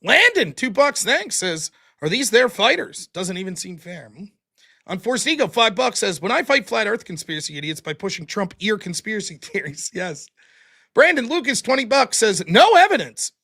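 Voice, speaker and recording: A man's voice: high-pitched, very animated, moderate pace, pushed and bright. A man hosting a livestream, reading out donor names and amounts and answering them with dry quips. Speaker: streamer host reading donations. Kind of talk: casual livestream chat.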